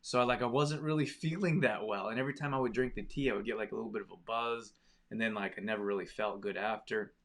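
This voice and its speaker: A man's voice: lowish voice, steady tone, fast, gravelly, fairly bright tone. A man hosting a live stream, chatting casually with viewers and telling a rambling story. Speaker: live stream host reading viewer comments. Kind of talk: casual chat.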